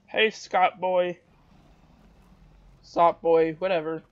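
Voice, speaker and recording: A man with a high voice chats through a game session, teasing and exasperated by turns, and bursts into loud exclamations. The mic sounds dull and lo-fi. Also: flat delivery, slow, smooth. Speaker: gameplay commentator. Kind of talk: casual gaming commentary.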